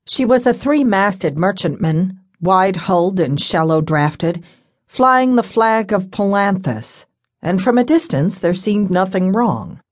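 A woman narrating a fantasy novel audiobook in a steady, measured storytelling voice. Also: medium pitch, no echo, clean studio sound. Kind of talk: scripted narration.

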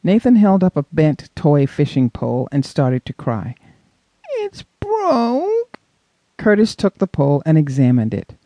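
A man narrating a suspense audiobook in an expressive storytelling manner. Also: fairly high pitch, normal speed, few pauses, no echo, lo-fi sound. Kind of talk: scripted narration.

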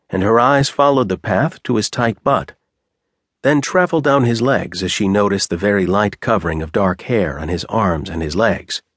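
Husky low-voiced male narrator. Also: dry recording, studio quality. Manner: steady, measured reading. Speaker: audiobook narrator. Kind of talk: scripted narration.

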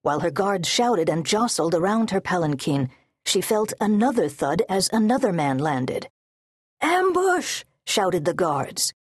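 A woman reading a historical novel aloud in steady, measured scripted narration, close to the mic. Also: fairly low pitch, breathy edge, dry recording. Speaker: audiobook narrator. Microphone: close studio mic.

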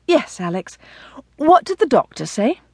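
Warm older aunt read by a woman, reassuring, affectionate, lively pitch, audiobook. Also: unhurried, no room sound, studio quality, exaggerated voice.

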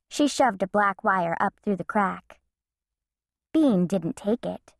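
A woman narrating a children's storybook in an expressive, playful way. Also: medium pitch, slow pace, dry recording, clean studio sound. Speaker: audiobook narrator.

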